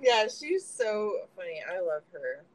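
A woman's voice: on the low side, very animated, a little slow, poor audio. A woman co-hosting a podcast in a casual chat, answering briefly and laughing often. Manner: laughing, short replies. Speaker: podcast co-host.

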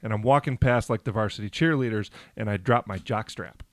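A man's voice: on the low side, a little fast, no echo. A man co-hosting a podcast, chatting casually, joking and laughing along. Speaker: podcast co-host. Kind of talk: casual chat.

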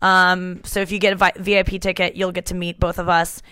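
A woman hosting a podcast, chatting casually and retelling scenes with lively acted-out lines. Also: lowish voice, a little fast, clear, resonant tone, no echo. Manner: animated storyteller, acts out scenes. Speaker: podcast host. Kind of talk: casual chat.

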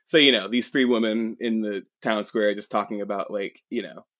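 Low-voiced man rambling through a story. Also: fairly even intonation, brisk, fairly bright tone, dry recording. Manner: rambling, with many fillers and swearing. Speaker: podcast co-host. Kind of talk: casual chat, retelling a manga chapter.

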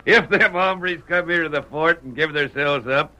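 An actor playing a crude, mocking frontier scout who talks in folksy Western slang. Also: male voice, on the high side, moderate pace, bright, forceful tone. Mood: jeering.

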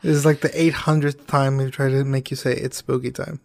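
A man co-hosting a comedy podcast, bantering casually, swearing and jumping into quick silly voices. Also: medium pitch, little pitch movement, gravelly. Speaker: podcast co-host.

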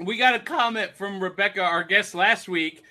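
A man hosting a casual chat in an excitable, upbeat way. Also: high-pitched, moderate pace. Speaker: host.

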